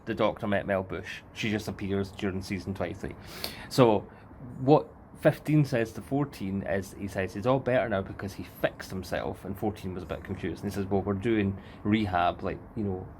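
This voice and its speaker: A man hosting a casual reaction chat outdoors, excitable and joking, with light swearing. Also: sits low, moderate pace, hardly any pauses, a little hiss or hum. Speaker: channel host reacting to TV episode. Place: outdoors in a remote spot. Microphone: handheld mic held by co-host.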